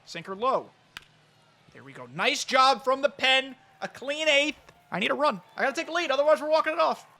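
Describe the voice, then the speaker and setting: A man giving excitable, chatty live commentary on his own baseball video game play, talking straight to his viewers. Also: very high-pitched, a little fast, gravelly. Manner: excitable, chatty, talks to chat. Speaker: gaming YouTuber.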